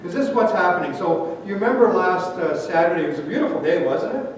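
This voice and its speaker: High-ish male pastor, chatty storytelling sermon, far from the mic, lots of echo, a little noise behind. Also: expressive, quick pace. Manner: conversational, storytelling with light humor. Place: church sanctuary. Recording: echoey church hall from afar.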